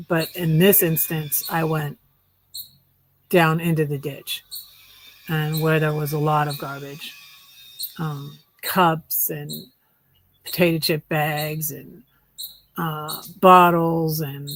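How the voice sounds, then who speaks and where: A woman's voice: low-pitched, slight background noise, poor audio. A woman vlogging from her tiny house, telling a casual story in a rambling way with wry, sarcastic humor. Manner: rambling, restarts often, with many fillers.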